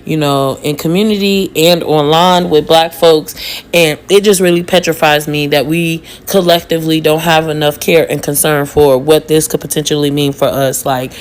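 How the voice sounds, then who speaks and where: A woman speaking in a heated, emotional casual monologue, swearing and breaking into nervous laughter. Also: low-pitched. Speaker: social media commentator.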